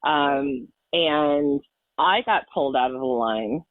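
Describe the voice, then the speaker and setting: A woman's voice: sits low, takes it slowly. A woman in her forties telling a personal story in a podcast chat, earnest and emotional, rambling with fillers and restarts. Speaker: podcast guest. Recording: tinny phone-like line, dry.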